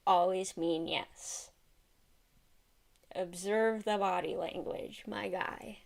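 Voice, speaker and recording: A woman streamer talks through a clip in an unhurried, measured way, her pitch sitting in a middle range. She sounds exasperated and keeps stumbling and restarting her sentences as she comments. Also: creaky. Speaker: streamer reacting to videos. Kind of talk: casual commentary.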